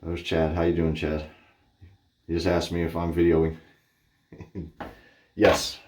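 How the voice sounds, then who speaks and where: A man's voice: deep voice, monotone, slow pace, a little mellow. A man from Texas hosting a wet shaving channel, chatting casually while he shaves, rambling with friendly asides and self-corrections.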